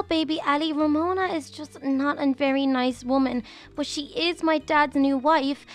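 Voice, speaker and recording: A young woman narrating a game role-play in an animated, exclaiming, motherly way. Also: high voice.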